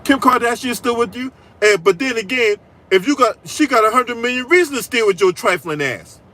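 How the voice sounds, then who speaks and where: A man hosting a political commentary channel delivers a profane, mocking rant packed with crude trash talk and a repeated "right?". His very high voice is expressive, pushed and bright, moving a little fast, and the audio is poor.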